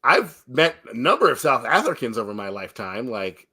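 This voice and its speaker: A man's voice: mid-range voice, sing-song, brisk, pushed and bright, slightly rough. A man co-hosting a casual movie podcast, joking and laughing often. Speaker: podcast co-host.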